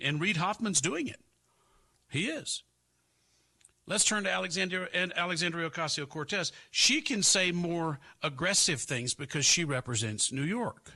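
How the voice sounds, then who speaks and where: Sarcastic male talk host with a bright, gravelly voice and an emphatic, repetitive delivery. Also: fairly high pitch, expressive, unhurried. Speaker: political talk show host. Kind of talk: opinionated political commentary.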